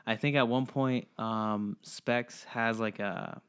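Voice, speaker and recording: A man's voice: medium pitch, fairly even intonation, slow, fairly bright tone, smooth. A young man co-hosting a podcast, casually recounting a horror film scene. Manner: laid-back, many short agreements. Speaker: podcast co-host. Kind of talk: casual movie recap chat.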